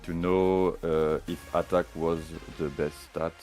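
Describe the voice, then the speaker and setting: French guy cohosting a game podcast, real deep voice, lots of uh's, faint music behind. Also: little pitch movement, a little slow, a little mellow. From France. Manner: hesitant, many fillers, non-native grammar. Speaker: podcast co-host. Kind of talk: casual podcast chat.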